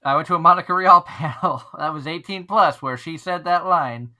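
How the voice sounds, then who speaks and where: A man's voice: a little high, normal speed, pushed and bright. A man hosting an online fan radio show, chatting casually and rambling with frequent restarts. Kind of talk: casual chat.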